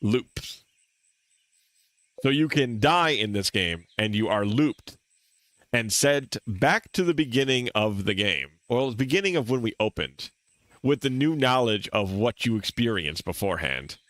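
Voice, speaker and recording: A man's voice: mid-range voice, animated, unhurried, fairly bright tone, no echo. A man streaming a game playthrough, reading its dialogue aloud expressively and chatting with viewers.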